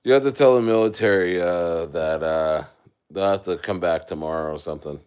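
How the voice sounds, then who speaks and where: A man's voice: low-pitched, normal speed, darkish tone, smooth. A man talking casually on his crypto livestream, rambling and joking with frequent profanity and laughter.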